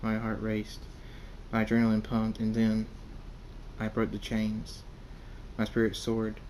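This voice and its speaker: A man reading his own fan fiction story aloud in the first person, halting and repeating words. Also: fairly low pitch, monotone, a little mellow, a little hiss or hum.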